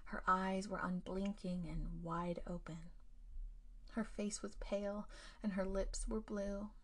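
A woman narrating a spooky tale for her story podcast. Her delivery stays hushed and drops close to a whisper, as scripted ghost-story narration, at an ordinary middle pitch for a woman. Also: level tone, slow pace.

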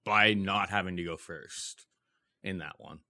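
A man co-hosting a podcast in casual chat, teasing dryly and often trailing off quietly. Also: deep voice, steady tone, unhurried. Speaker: podcast co-host.

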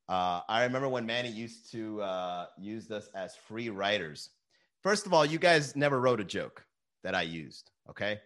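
A man hosting his own daily livestream as a comedian, swearing often and reading viewer comments aloud. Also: on the low side. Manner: animated, swears often, reads chat aloud. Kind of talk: profane casual livestream chat.

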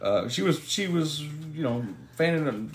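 A man's voice: a little high, lively intonation, unhurried. A man talking bluntly and emphatically as a guest in a casual podcast chat, swearing freely.

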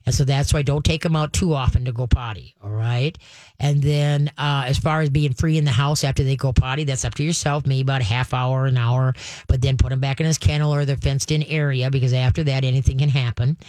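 A man's voice: medium pitch, steady tone, brisk, darkish tone, dry recording. An older man hosting a call-in radio show, giving dog training advice in a folksy way and often addressing listeners as "folks". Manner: folksy, repeats "folks" and chants commands.

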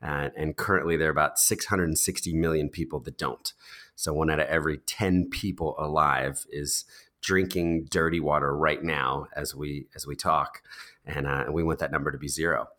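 A very deep-voiced American man in his thirties tells his story as a podcast guest. He speaks thoughtfully and unhurriedly, pausing often with ums and restarting his sentences, and he records from New York City. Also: steady tone, pushed and bright. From United States. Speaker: interview guest. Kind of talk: conversational storytelling.

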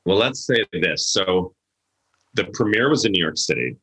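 A man's voice: sits low, sing-song, moderate pace, pushed and bright. A middle-aged man, an event planner, telling stories in a casual interview and acting out the voices of people he quotes. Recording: echoey room.

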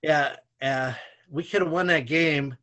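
An older man, a retired basketball coach, telling lively anecdotes in a conversation, his voice rising when he retells shouting matches. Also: fairly high pitch, unhurried, slight background noise. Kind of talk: storytelling in conversation.

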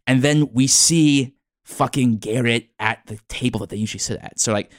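A man's voice: medium pitch, normal speed, no echo, lightly acted. A man plays a teenage boy hosting his own school podcast, rambling and gossiping with endless likes and uhs. His voice sits in a middle register and is recorded dry and close. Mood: gossipy. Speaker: podcast host. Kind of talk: improvised comedy podcast.

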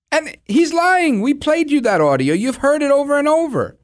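A man's voice: very high-pitched, sing-song, fairly quick, hardly any pauses. A man hosting a political talk show, giving combative, sarcastic opinion commentary.

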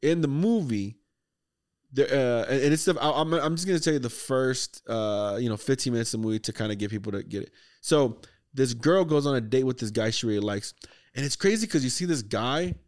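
Male podcast host, mid-pitched, excitable and profane, rambling storyteller. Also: fairly quick. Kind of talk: casual movie review chat.

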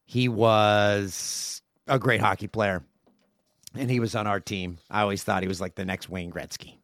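A man's voice: lowish voice, fairly even intonation, unhurried, fairly bright tone, dry recording, studio quality. A man in his forties hosting a casual solo podcast, reading listener emails aloud with jokey asides. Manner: chatty, jokey asides while reading mail. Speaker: podcast host.

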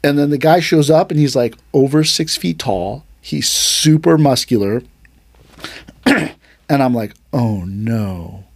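A man's voice: a little high, a little slow, gravelly, no room sound, studio quality. A man hosting a martial arts podcast, telling a story in a casual chat and acting out the voices in it. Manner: animated storyteller, acts out quotes. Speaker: aikido instructor and podcast host.

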